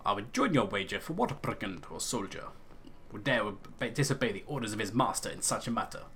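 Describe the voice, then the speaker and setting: A man voicing a proud, wary tribal chieftain, reading game dialogue in a gruff, skeptical, weighty way. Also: on the low side, very animated, a little fast, a bit bright, a little hiss or hum.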